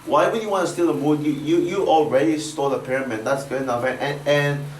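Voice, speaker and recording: A man's voice: fairly high pitch, fast, darkish tone. A man giving a casual spoken movie review, rambling, with many fillers and stutters. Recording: echoey room with faint noise.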